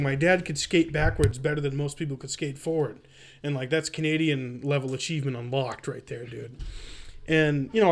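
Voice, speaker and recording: A young man from Massachusetts rambles through a story on a casual podcast. His voice sits a little high, and he swears freely as he goes. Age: 20s. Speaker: podcast co-host. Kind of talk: casual chat.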